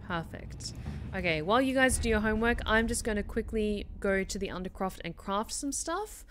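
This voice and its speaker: A woman's voice: medium pitch, expressive, moderate pace, noisy background. A woman streaming a game, chatting casually and reading in-game notes aloud. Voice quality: chatty, frequent fillers. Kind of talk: casual let's-play chat.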